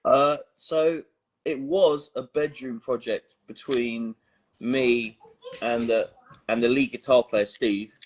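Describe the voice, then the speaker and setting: A man's voice: mid-range voice, fairly even intonation, slow pace, a little hiss or hum. A man guest on a casual podcast talks in a rambling way. He mocks himself a lot, in a medium voice. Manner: rambling, self-mocking. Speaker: band member guest. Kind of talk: casual chat.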